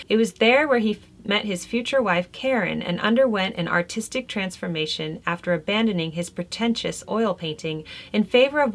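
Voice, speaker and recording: A woman's voice: lowish voice, a bit bright. Chatty woman host reading art history. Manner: conversational, chatty, laughs between remarks. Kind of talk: reading notes aloud with casual asides.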